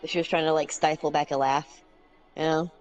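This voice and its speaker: A woman's voice: deep voice, steady tone, a little fast, a little mellow, dull audio, faint music behind. A woman co-hosting a casual gaming video who giggles often and chats casually.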